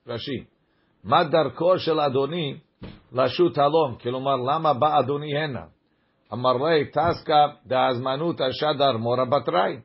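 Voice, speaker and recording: Male Talmud teacher, husky voice, dull lo-fi recording, reads text then explains it casually. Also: mid-range voice, very fast. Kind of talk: Talmud study class.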